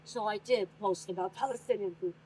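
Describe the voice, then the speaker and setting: A woman's voice: medium pitch, brisk, dark tone, a little hiss or hum, low-quality recording. A woman hosting an interview, speaking candidly and earnestly, sometimes while eating. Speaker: interview host. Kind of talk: casual conversational interview. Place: restaurant dining room, indoors.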